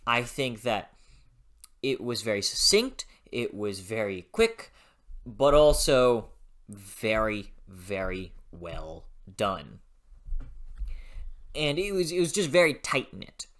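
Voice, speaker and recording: A casual book review vlog host with a bright, forward voice. The delivery is gushing and excitable, with frank, casual swearing as opinions tumble out. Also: mid-range voice.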